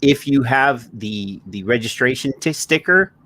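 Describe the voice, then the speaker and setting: Animated storytelling man on a podcast. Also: mid-range voice, a little slow. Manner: animated storyteller, acts out quotes, swears. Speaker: co-host. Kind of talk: casual podcast chat.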